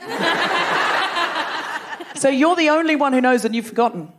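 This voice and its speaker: A woman's voice: sits high, normal speed, background noise. A woman hosting a live comedy show, bantering playfully and teasing the audience from a theatre stage. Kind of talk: live stand-up crowd work.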